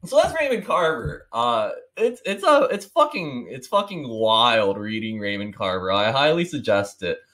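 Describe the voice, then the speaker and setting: A man's voice: mid-range voice, very animated, moderate pace, few pauses, fairly bright tone. A man in his twenties giving a casual one-take book review, rambling and swearing as he talks. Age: 20s. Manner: rambling, swearing, laughing often.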